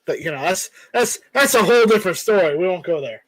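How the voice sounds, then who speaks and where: A man's voice: high-pitched, expressive, quick pace, a bit bright, no room sound, poor audio. A man hosting a casual livestream, reading viewer comments aloud and rambling with jokes. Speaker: livestream host reading chat.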